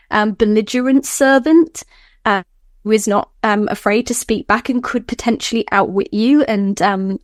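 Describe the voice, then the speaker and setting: A woman scholar, a podcast guest, explaining in an animated way, laughing often and acting out quotes. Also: a little high, no echo, studio quality. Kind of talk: podcast interview.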